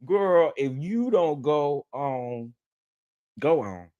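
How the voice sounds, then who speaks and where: A man hosting a livestream, ranting casually in a sassy, animated way and laughing often. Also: a little high, extremely slow, highs cut off. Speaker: livestream host.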